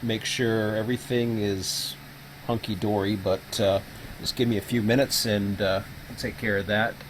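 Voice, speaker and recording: A man's voice: on the low side, fairly even intonation, normal speed, a little hiss or hum, poor audio. Rambling man walking through a setup. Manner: rambling, thinking aloud with fillers. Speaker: live stream host. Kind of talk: casual screen-share explanation.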